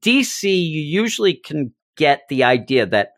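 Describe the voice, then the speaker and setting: A man co-hosting a casual chat, animated, often slipping into quick voices for characters. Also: a little high, no room sound, studio quality. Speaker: podcast co-host.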